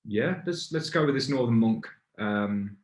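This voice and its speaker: A man's voice: mid-range voice, expressive, a little slow, a little mellow, echoey room. A man hosting a casual beer review in a pub, rambling and stopping to restart his thoughts. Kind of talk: casual chat.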